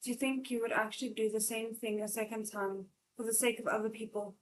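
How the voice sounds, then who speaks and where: A woman's voice: on the high side, flat delivery, fairly quick, slight background noise, close to an everyday voice, low-quality recording. A woman reading a novel aloud, voicing a tearful young male disciple who pleads in a quivering, cracking voice. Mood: hurt. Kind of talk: live read-aloud of a novel.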